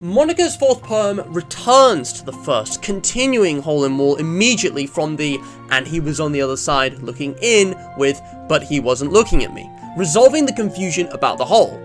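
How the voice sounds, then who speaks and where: A man with a somewhat high voice reads a scripted video essay in a measured, analytical manner. Soft music plays faintly under his narration. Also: big pitch swings.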